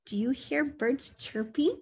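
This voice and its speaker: Woman teacher reading a picture book to little kids, high and unhurried, gentle and questioning; dull lo-fi recording. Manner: gentle, questioning, animated with sound effects. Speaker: early childhood teacher.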